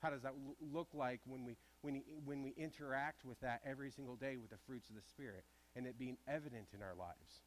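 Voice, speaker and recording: A man's voice: medium pitch, fairly quick, hardly any pauses, slight background noise. A man preaching a sermon in a church, conversational and asking the congregation direct questions. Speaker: pastor.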